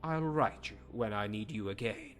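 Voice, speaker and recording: An actor playing a formal spymaster, clipped and curt, lowish voice, video game. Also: male voice, lively intonation, normal speed, faint music behind, lightly acted. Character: formal male spymaster dismissing his agent.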